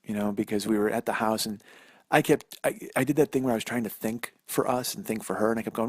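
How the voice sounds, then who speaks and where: A man's voice: fairly low pitch, steady tone, quick pace, darkish tone, husky, dry recording, clean studio sound. A man in his forties hosting a podcast, telling a personal story in a rambling, self-deprecating, profane way, recorded on a phone. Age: 40s. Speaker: podcast host. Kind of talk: solo storytelling monologue.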